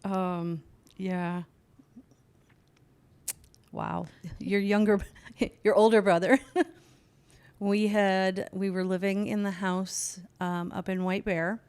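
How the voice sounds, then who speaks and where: An older woman tells family stories at an unhurried, drawn-out pace. She laughs often and lingers over her words. Her pitch sits in the middle for a woman. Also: fairly even intonation, a little mellow, clear, resonant tone. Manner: slow, laughing anecdotes. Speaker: podcast guest, host's mother. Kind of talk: casual storytelling chat.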